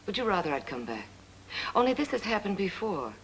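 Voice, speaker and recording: An actress playing a composed young woman asking for help, speaking in a polite, cool and measured 1940s film style. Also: medium pitch, sing-song, slight background noise, low-quality recording.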